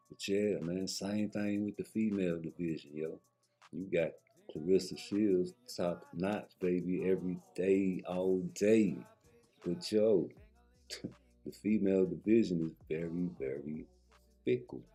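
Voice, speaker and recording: A man's voice: low voice, a little slow, dark tone, slightly rough, faint music behind. A man, ranting about boxing in a profane, heated, rambling way. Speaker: boxing commentary vlogger. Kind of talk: casual opinion rant.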